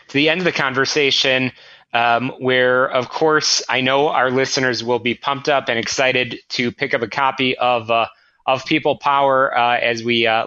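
A man hosting a business show, interviewing a guest with many halting fillers. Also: mid-range voice, sharp tone, no room sound, lo-fi sound. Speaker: radio show host.

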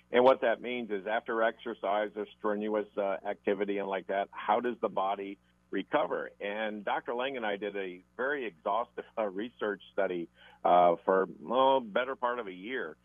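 A man's voice: lowish voice, no room sound. A man speaking as a fitness expert guest on a radio show, rambling and often tacking on "and like that". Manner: rambling, fills with "and like that". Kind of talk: radio call-in advice. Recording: phone-like radio line.

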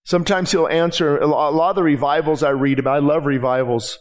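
Man, pastor, sermon, high-pitched, impassioned, rising emphasis. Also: fairly even intonation, fast. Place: church sanctuary.

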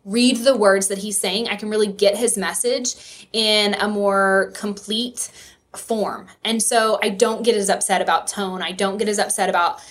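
A woman's voice: mid-range voice, fairly even intonation, normal speed, a bit bright. Affirming, teacherly woman. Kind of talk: casual chat.

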